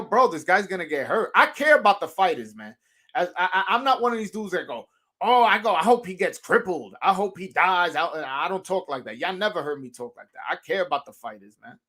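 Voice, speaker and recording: A man's voice: on the high side, a bit bright. A man hosting a call-in boxing show, talking casually and animatedly, cursing freely, laughing and restarting often. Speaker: podcast host.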